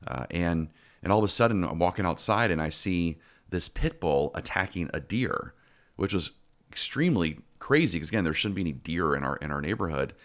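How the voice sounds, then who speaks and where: A man's voice: deep voice, lively intonation, brisk, fairly bright tone. A middle-aged man hosting a casual podcast chat, telling stories with many restarts and repeated words. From Texas. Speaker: podcast host.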